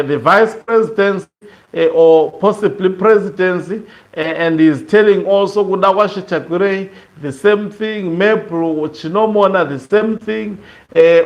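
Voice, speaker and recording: A man talks through political commentary in a loose, conversational way. His voice sits a little high for a man. He stops and restarts often and fills the gaps with "uh". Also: lo-fi sound. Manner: loose and conversational, many fillers and restarts, laughs in between.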